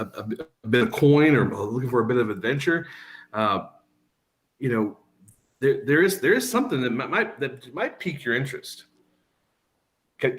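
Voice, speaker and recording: A man's voice: on the low side, fairly bright tone. A man voicing a nervous, timid little man in a tavern who stammers and hesitates.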